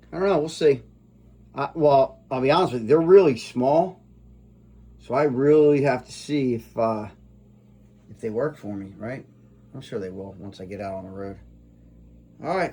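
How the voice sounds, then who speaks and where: A tipsy man talks his way through an unboxing for his vlog, rambling and swinging from low muttering to loud exclamations. His voice sits at an ordinary middle pitch, and the tone stays loose and casual throughout. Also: expressive, normal speed, long pauses, slightly rough. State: tipsy after drinks. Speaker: vlogger.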